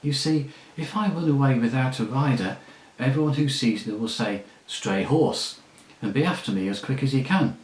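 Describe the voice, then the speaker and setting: A man reading aloud, voicing a proud male talking war horse with a brisk, commanding, scornful manner. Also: mid-range voice, reverberant, lightly acted, low-quality recording. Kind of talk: audiobook reading.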